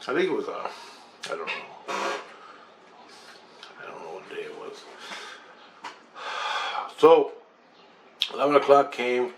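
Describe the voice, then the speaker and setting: A man's voice: fairly low pitch, expressive, a little slow, pauses often, fairly bright tone. A man telling a personal story casually, rambling and swearing, laughing at himself and sometimes dropping to a mutter. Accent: Windsor, Ontario. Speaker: storyteller recounting a personal experience. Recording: roomy echo, faint background hum.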